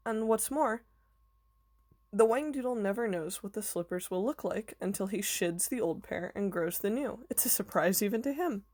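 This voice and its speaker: A woman reading aloud voices a kindly, eccentric old male professor who explains things gently and patiently. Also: mid-range voice, expressive, moderate pace, natural voice. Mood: warm, explaining.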